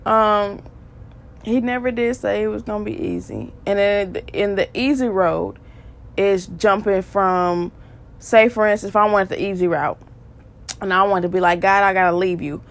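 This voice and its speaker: A woman's voice: medium pitch, expressive, creaky. A woman hosting a podcast and sharing a faith testimony, earnest and repetitive, stressing points again and again. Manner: earnest and repetitive, with quick bursts of emphasis and laughs. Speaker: podcast host. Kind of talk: faith testimony talk, preaching.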